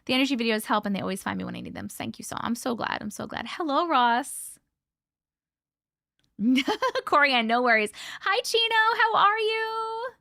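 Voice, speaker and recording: A woman with a slightly high, sing-song, creaky and somewhat bright voice talks at a normal speed in a clean, echo-free studio recording. She's hosting a live stream and reading viewer stories, rambling casually, swearing freely, and thanking viewers by name as she reads their comments.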